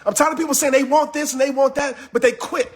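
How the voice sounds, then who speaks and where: A man giving a fired-up motivational talk on a live stream, yelling with intense, repetitive, preachy urgency, just after a workout. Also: extremely high pitch, fairly even intonation, quick pace. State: just finished working out. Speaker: motivational speaker.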